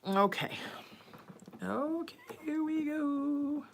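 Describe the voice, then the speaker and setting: A woman's voice: sits high, animated, extremely slow, a little hiss or hum. A woman hosting a psychic livestream, chatting casually and reading viewer texts aloud. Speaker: psychic medium livestream host.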